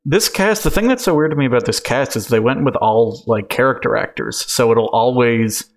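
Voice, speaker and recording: A man's voice: mid-range voice, fairly quick. A man in a casual chat who is easygoing and agreeable and laughs often. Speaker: podcast co-host.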